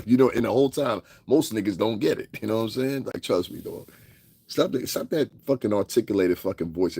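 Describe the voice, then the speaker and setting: A man's voice: on the low side, darkish tone, breathy edge, dry recording. A man giving a profane, casual rant, laughing and mocking people with impressions. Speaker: commentary vlogger.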